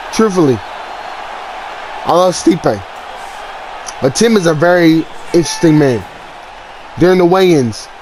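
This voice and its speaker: A man's voice: a little high, a little mellow, slight background noise. A man giving casual, brash play-by-play commentary on a video game fight and trash-talking a fighter. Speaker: gaming commentator. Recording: music playing underneath.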